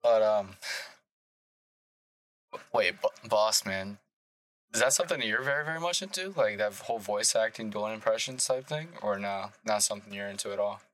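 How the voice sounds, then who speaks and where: A man's voice: lowish voice, moderate pace, long pauses, a bit bright, no echo. A man hosting a podcast in casual chat, easygoing, asking questions and laughing along. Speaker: podcast host.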